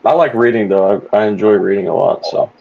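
A man hosting a casual podcast chat, laid-back and quick to laugh. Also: on the low side, creaky, muffled recording, background noise. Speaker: podcast host.

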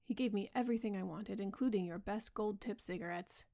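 A woman voicing a grave, earnest male painter in a soft bedtime audiobook reading. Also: medium pitch, a little fast, vocal fry, natural voice. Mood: chatty. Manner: earnest, pleading, softly spoken.

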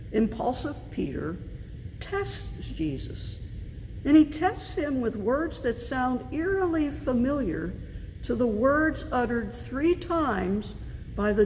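A woman pastor preaching a sermon in a church, measured and deliberate, leaning on key words for emphasis. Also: a little high, creaky, a little mellow. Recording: long reverb with faint background noise.

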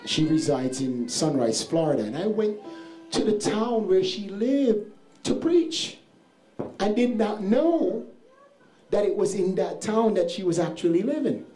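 A man preaching a sermon, his voice pitched high. He tells a family story to his church while an instrument plays along. The sound is echoey, as in a large sanctuary. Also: animated, unhurried, faint music behind. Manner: shouting exhortations, then telling a family story. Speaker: pastor.

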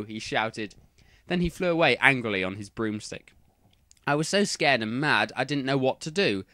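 A man reading fan fiction aloud for comedy, dropping deadpan sarcastic asides. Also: medium pitch, moderate pace, dry recording, studio quality.

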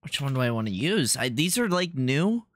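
A man's voice: mid-range voice, moderate pace, no room sound. A man casually commentating as he plays a computer game, rambling and hesitant. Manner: rambling, hesitant, full of ums and excited asides. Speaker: streamer.

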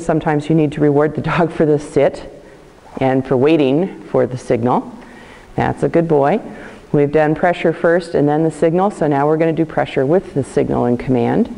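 Woman dog trainer, low mellow voice, calm explanations, long reverb. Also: moderate pace, vocal fry. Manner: calm explaining, praising the dog in high bursts. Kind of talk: instructional demonstration.

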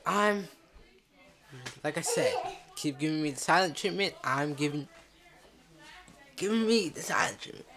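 Low-voiced woman scolding with mock threats. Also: a little slow, pauses often, a bit bright. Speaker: vlogger. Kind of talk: casual home video vlog.

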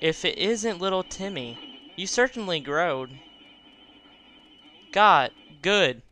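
A man voicing a frail, confused elderly mother in a hospital, doting and then shrill, reading game dialogue aloud. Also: expressive, slow pace, bright, forceful tone, slight background noise, heavily acted.

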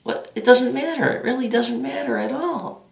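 A man voicing a whiny, awkward, lonely teenage boy who talks haltingly and repeats himself. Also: very high-pitched, gravelly, roomy sound, voice pushed up, heavily acted.

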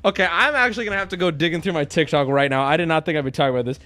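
A man's voice: a little high, very fast. A man chatting casually and rambling on a live stream, swearing often. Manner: rambling, profane, animated.

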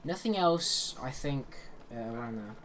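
A man's voice: medium pitch, lively intonation, measured pace, noisy background. A man giving casual, chatty commentary on a horror game while he plays, with joking asides. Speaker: let's play host.

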